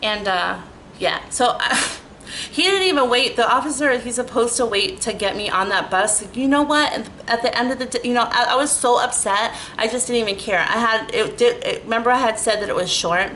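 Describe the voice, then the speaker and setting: A woman's voice: a little high, normal speed, slight background noise, low-quality recording. Chatty woman telling a rambling storytime. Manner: rambling, animated, full of "like" and restarts. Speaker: storytelling vlogger. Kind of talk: casual storytime vlog.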